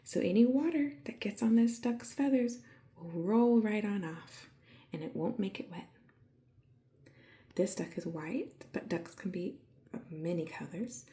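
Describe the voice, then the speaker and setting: Slow, soft-spoken woman teaching toddlers. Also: medium pitch. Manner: gentle, soft-spoken, often half-whispered; playful animal-sound imitations. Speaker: children's educator. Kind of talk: calm lesson for small children.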